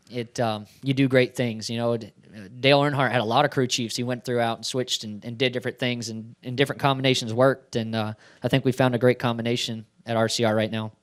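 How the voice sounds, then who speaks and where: A man, a race car driver, answering questions at a press conference in a chatty storytelling way, acting out bits of dialogue. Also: mid-range voice.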